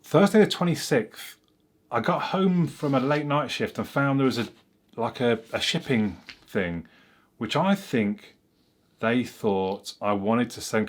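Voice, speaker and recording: Low-voiced man telling a story. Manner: chatty, rambling, self-correcting. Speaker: tech reviewer. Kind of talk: casual storytelling to camera.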